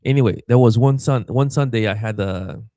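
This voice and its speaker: A man's voice: mid-range voice, fairly quick, no echo, clean studio sound. A man from Haiti, a pastor telling a story in a podcast interview, acting out voices and stammering as he goes. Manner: animated, acts out quoted voices, stammers and repeats.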